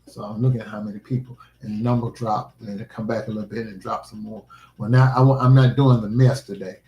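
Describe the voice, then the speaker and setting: A man livestreams a vlog about faith and his life, speaking earnestly and emphatically in a preacherly, heartfelt way. His lowish, dark voice is fast with little pitch movement, and the recording is muffled with roomy echo.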